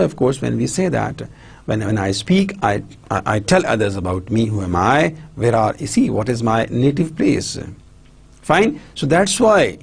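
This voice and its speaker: A man's voice: medium pitch, gravelly, darkish tone, breathy edge. A man from Pakistan with a Pakistani English accent, giving a recorded university lecture, repeating himself and often checking that students follow. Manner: repetitive, checks understanding often, many restarts.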